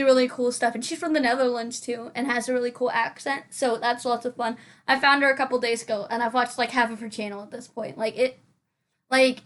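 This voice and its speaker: A young woman who runs a Sims building channel does a casual voice-over for a game-building video, rambling and giggly, with lots of fillers and restarts. Her voice is on the high side and a bit bright.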